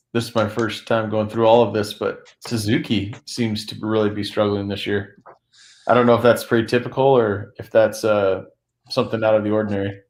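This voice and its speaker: An American man co-hosting a podcast, easygoing and agreeable, hesitating often as he talks. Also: fairly low pitch. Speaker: podcast co-host. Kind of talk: casual chat.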